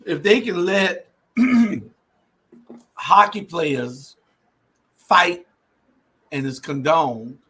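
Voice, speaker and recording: A man on a sports panel laying out his argument slowly and deliberately. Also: a little high, a bit bright, slightly rough. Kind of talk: casual sports commentary.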